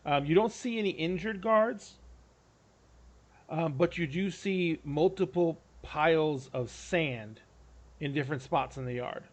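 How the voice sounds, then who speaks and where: A man's voice: on the high side, a little slow. A man running a tabletop game as game master, describing scenes in a rambling way with frequent restarts.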